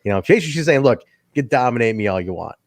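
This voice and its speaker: A man's voice: medium pitch, very fast, no echo, studio quality. A man co-hosting a wrestling podcast, talking casually and animatedly, laughing often and acting out what people said. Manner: animated, laughing, acts out quotes. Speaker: podcast co-host.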